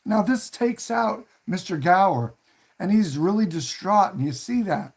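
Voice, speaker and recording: A man's voice: high voice, expressive, a little slow, creaky, slightly rough. Rambling man retelling a film. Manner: rambling, with many fillers and restarts; acts out quoted lines with a raised voice. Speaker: host. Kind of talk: casual film discussion.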